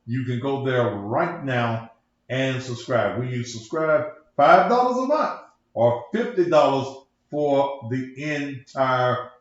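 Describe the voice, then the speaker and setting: A man, a pastor hosting his own show, talking casually in a rambling, cussing preacher manner. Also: mid-range voice. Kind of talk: casual livestream talk. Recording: echoey room, dull lo-fi sound.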